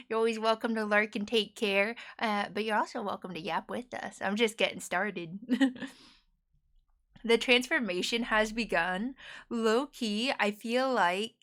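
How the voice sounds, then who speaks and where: A young American woman streaming and chatting casually. She rambles cheerfully, laughs often and keeps up a steady, chatty flow. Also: fairly high pitch. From United States. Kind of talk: casual chat.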